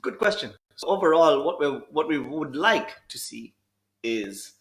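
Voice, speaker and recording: A man chats casually as a podcast co-host, moving easily between English and Swahili. His voice sits fairly high for a man, and the room around him is noticeably echoey. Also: measured pace. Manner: relaxed, mixes English and Swahili, reads viewer comments aloud. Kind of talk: casual livestream podcast chat.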